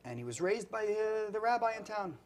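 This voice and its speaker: A man's voice: sits high, a little fast. A man telling a long personal story in a casual chat, eating spicy food as he talks. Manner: animated anecdotal storytelling with acted quotes. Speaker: guest storyteller.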